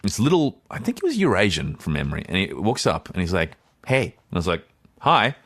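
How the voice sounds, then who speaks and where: Deep-voiced Australian man telling a story. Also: huge pitch swings, fast talker, dry recording, studio quality. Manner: rambling, self-correcting, acts out quoted dialogue. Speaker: podcast co-host. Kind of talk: casual anecdote storytelling.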